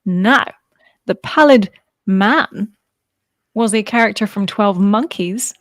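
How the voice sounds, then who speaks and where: A woman co-hosting a casual podcast chat, chatty with quick asides and casual swearing. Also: mid-range voice, no echo, studio quality. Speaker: podcast co-host.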